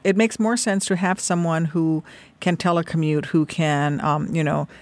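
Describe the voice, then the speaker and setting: A woman senator answering interview questions earnestly, pausing with fillers. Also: deep voice, fairly even intonation. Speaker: senator guest.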